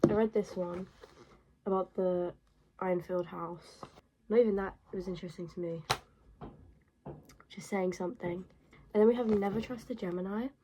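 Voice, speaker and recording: A woman's voice: lowish voice, noisy background. A woman chatting casually and bluntly in her bedroom as she reviews books she has read, rambling as she goes. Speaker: book vlogger. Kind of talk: casual book review chat.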